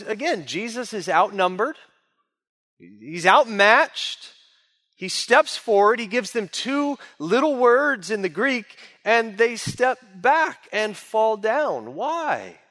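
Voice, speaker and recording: Slow, high-voiced male pastor preaching. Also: very animated, a bit bright. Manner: earnest, emphatic preaching. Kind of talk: sermon. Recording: long reverb of a large hall.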